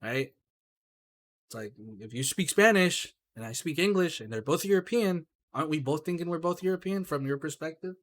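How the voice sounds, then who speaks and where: A man's voice: on the high side, normal speed. A man co-hosting a casual podcast, talking heatedly and asking "right?" over and over. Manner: heated, animated, swears, says "right?" and "bro". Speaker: podcast co-host. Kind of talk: casual chat.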